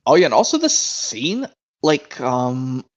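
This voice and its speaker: A man's voice: mid-range voice, huge pitch swings, slow pace. A young man streaming in casual chat, rambling and hesitant as he searches for his words. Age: young adult. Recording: dull lo-fi stream mic.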